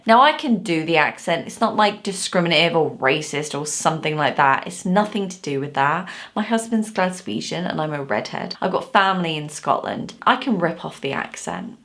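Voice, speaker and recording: A woman talks casually to her viewers from her home studio. Her voice sits fairly low but swings widely in pitch as she chats, laughing often and slipping into quiet asides. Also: normal speed. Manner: chatty and expressive, laughs often, drops to asides. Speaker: artist and channel host. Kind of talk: casual vlog chat to subscribers.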